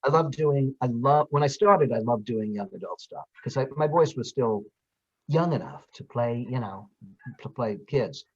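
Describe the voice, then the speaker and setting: A man's voice: medium pitch, normal speed, slightly rough. An older man from Brooklyn, an actor and audiobook narrator chatting in an interview, telling stories with many restarts. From Brooklyn, New York. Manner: animated storyteller, restarts and fillers, slips into voices. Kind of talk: casual interview chat. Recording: slightly dull lo-fi audio.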